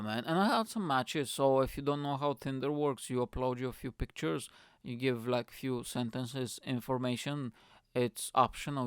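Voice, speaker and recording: A man's voice: medium pitch, clean tone, dry recording, clean studio sound. A young man, a comedian hosting his own podcast alone at home, ranting crudely with lots of swearing and rambling asides. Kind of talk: casual solo podcast rant.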